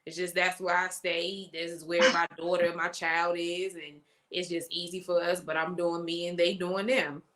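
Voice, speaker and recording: A woman co-host in casual chat, telling a story with lively quoted voices. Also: on the low side, normal speed, few pauses.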